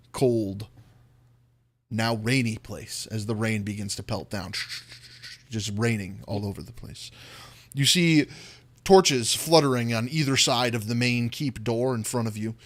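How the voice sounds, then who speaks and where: A man running a tabletop role-playing game as dungeon master, setting scenes with slow, descriptive narration. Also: on the low side.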